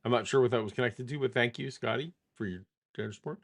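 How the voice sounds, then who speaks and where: A man's voice: mid-range voice, fast talker. Man co-hosting and wrapping up a live show. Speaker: co-host. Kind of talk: casual chat.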